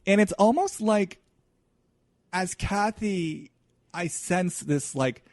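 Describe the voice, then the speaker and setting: A man hosting a solo podcast, talking in an earnest, searching and halting way. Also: sits high, dry recording, clean studio sound. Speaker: podcast host. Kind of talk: solo introspective podcast monologue.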